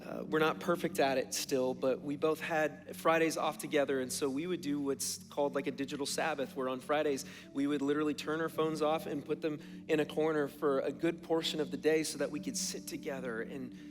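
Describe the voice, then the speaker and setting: A man preaching a sermon in a church auditorium, earnest, swinging between hushed moments and emphatic bursts. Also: fairly high pitch, fairly even intonation, fairly quick, few pauses. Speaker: pastor. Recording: long hall reverb with faint music.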